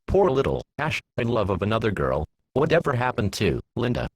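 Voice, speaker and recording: A man's voice: mid-range voice, very animated, brisk, breathy edge, dry recording. A mocking changeling queen, as a man reads her. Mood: taunting. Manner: taunting, mocking. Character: cruel female insect-like changeling queen. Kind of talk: fan fiction reading.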